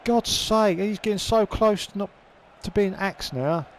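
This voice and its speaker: This gaming commentator's voice sits high and he speaks unhurriedly. Playing a football game, the young man curses, complains about the action and yells at the referee in frustration.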